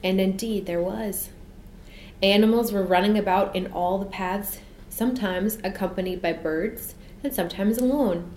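A woman's voice: medium pitch, moderate pace, darkish tone. Woman reading a storybook, echoey room. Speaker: narrator. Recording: echoey room, faint noise.

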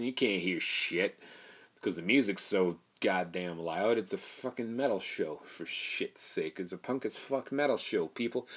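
A man with a somewhat low voice, spinning a story in loose, casual talk. He swears freely and rambles, circling back with "like" and restarts. Informal and conversational throughout. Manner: rambling, profane, full of fillers and restarts.

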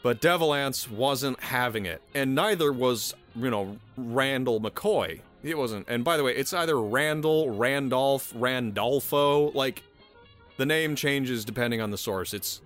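A man's voice: mid-range voice, measured pace, a bit bright. Guy rambling through a history story, snarky, laughs a lot, faint music underneath. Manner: sarcastic, laughing, swears, restarts. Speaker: podcast host telling a history story. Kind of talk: casual chat.

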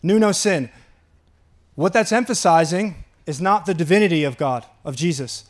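A man with a high voice preaches a sermon with earnest wonder. He leans into key words, slows right down to let them land, and laughs out of sheer delight. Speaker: pastor.

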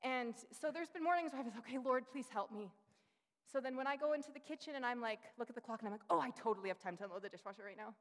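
Animated woman preaching in a reverberant hall. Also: on the high side, fast. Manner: animated storytelling, acting out quoted voices. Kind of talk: sermon with personal stories.

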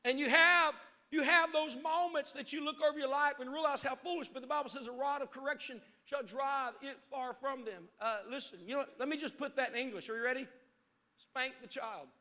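A middle-aged man preaching a sermon as pastor in a church sanctuary, swinging between shouted appeals and hushed storytelling. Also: very high voice, fairly even intonation, a little fast, hardly any pauses.

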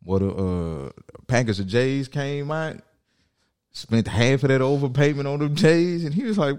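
A man's voice: medium pitch, a little slow, clear, resonant tone. A young adult man in casual chat, telling stories and acting out what people said. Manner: animated storyteller, acts out quotes.

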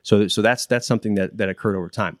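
A man's voice: lowish voice, quick pace, no room sound, clean studio sound. A man working as a training instructor, explaining in casual interview talk, acting out quotes with many restarts. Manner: animated, acts out quotes, frequent restarts. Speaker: instructor in behavior analysis training.

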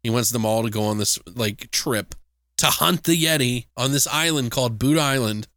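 Man, casual podcast co-host, lively retelling, swears a bit, dry close mic. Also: moderate pace, dry recording. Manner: animated retelling, jumps into high-pitched impressions of characters. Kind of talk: casual movie review chat.

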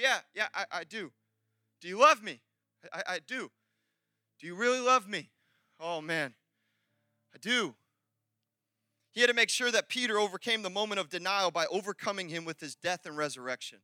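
A pastor preaching a lively, rambling sermon full of restarts and asides. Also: male voice, extremely high pitch, no room sound. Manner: animated, rambling, with many restarts and laughs.

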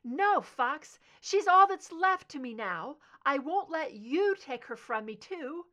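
A woman reader voicing an older mother who refuses to let go, high and pleading, breaking into cries. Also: sing-song, drawn-out words, pushed and bright, heavily acted. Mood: distraught. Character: older mother, grieving and defiant.

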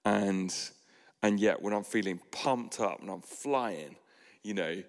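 A man delivers an earnest sermon, mostly soft and measured but rising into sudden emphatic bursts. His voice sits low with a gravelly edge. The hall around him rings with a long reverb. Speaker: pastor.

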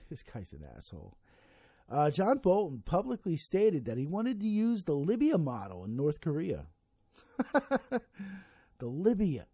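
A man hosting a casual political rant, swearing heavily and wandering off track as he talks. His voice is dark and mellow, recorded close and dry with no room sound. He fills gaps with ums and uhs as he thinks aloud. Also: a little high, slightly rough, dry recording. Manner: profane, rambling, heavy swearing with many fillers.

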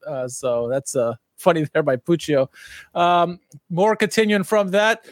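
A man's voice: high voice, expressive, moderate pace, dry recording, studio quality. A man co-hosting a casual podcast, reading out posts and laughing often. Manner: laughs often, reads out tweets. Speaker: podcast co-host. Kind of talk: casual chat.

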